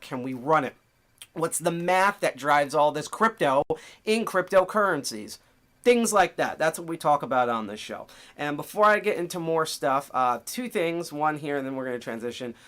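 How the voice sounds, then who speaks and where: A man hosts a casual livestream with a slightly high-pitched voice. He rambles, swears freely and often loses his thread, filling gaps with "um" and "uh". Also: a bit bright. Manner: rambling and profane, loses his train of thought. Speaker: host.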